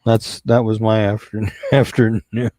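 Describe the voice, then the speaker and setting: A man from Kansas hosting a casual podcast live stream, easygoing and reading out viewer shout-outs. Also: on the low side, level tone, moderate pace, dry recording. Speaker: podcast host.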